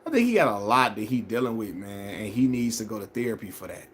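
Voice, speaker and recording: In a fairly low, expressive voice and at a fast clip, a man chats casually about basketball on a live stream while reading comments from viewers. He leans on slang, repeats himself and laughs a lot, and there's a little hiss or hum in the background.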